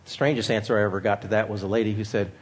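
A man speaking as a pastor, giving a measured teaching talk on ministry with frequent pauses and fillers. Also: fairly low pitch, level tone, husky.

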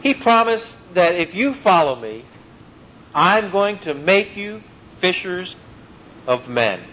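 A man preaching a sermon, slowing down and dropping low on key phrases and mixing in homely stories. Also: sing-song, sharp tone, low-quality recording. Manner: emphatic, slows and drops low on key phrases, folksy anecdotes.

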